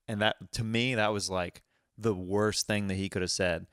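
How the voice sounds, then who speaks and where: A man hosting a comedy podcast rambles through self-deprecating stories about himself in casual chat, restarting often. His low voice is clear and resonant, fairly bright and fairly even in intonation, at a moderate pace, in a dry, clean studio recording.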